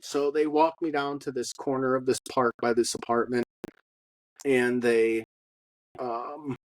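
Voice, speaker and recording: Halting man telling a raw personal story. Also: mid-range voice, steady tone, dry recording, rough recording. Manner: halting, with many fillers and blunt profanity. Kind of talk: personal testimony monologue.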